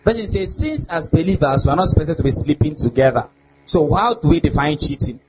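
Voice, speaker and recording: A young adult man, a pastor, preaching a lively sermon on relationships and often asking his listeners if they get the point. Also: on the high side, a little fast, a little hiss or hum. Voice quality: animated preaching with laughs and repeated rhetorical questions. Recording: dull lo-fi sound with faint ambience.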